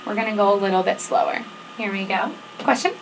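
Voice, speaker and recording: This is rehearsal instruction from a woman band teacher, spoken fast in a mid-range voice with vocal fry. She directs the students, counts off the tempo and checks in frequently, and there's background noise from the student band playing.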